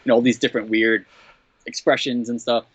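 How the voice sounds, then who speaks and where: A man's voice: a little fast, husky, no room sound. Man telling a story, acting out quotes. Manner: animated, acts out quoted exchanges in a higher voice; laughs often, repeats "what the hell". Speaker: guest, comedy writer. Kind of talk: casual interview storytelling. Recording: dull, slightly lo-fi sound.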